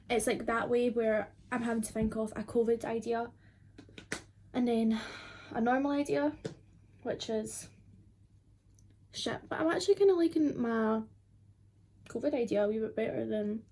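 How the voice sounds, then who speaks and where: A woman's voice: fairly high pitch, normal speed, long pauses, dark tone. A twenty-year-old woman, chatting casually and rambling with lots of fillers while doing her makeup at home. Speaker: beauty vlogger.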